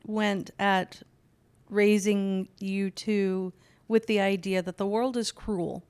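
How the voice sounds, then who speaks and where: Slow-talking older mother telling stories. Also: mid-range voice, level tone, darkish tone, smooth. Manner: slow, laughing anecdotes. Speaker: podcast guest, host's mother. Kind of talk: casual storytelling chat.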